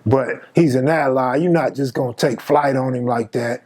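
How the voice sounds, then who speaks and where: A man in his fifties from Los Angeles, a storyteller host with a medium-pitched voice at normal speed, recounts a personal story. His talk is slangy, street-casual and animated, and he acts out the dialogue.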